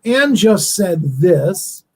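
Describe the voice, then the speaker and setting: Man, high pitch, husky, live-stream host, rambling, halting restarts, emotional. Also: very animated, warm tone, rough recording. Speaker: host of a live online talk show. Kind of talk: casual live-stream chat.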